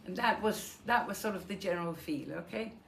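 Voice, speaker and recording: Giving a personal memoir talk, an elderly woman from Denmark who survived the Holocaust tells her wartime story with lively storytelling, performing the conversations. She speaks briskly in a lowish voice with vocal fry, and the room echoes with slight noise.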